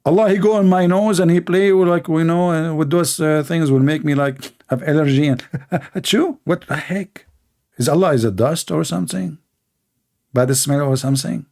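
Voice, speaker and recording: A man's voice: fairly high pitch, moderate pace, gravelly, a little mellow. Sarcastic man with a raised voice. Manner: sarcastic, exasperated, with laughs. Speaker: religious debate commentator. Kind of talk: mocking commentary.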